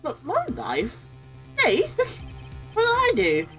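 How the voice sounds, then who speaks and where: A woman's voice: sits high, huge pitch swings, slow, a bit bright, soft background music, voice pushed up, exaggerated voice. A woman voicing a nervous young male defense lawyer in a video game, timid and pleading.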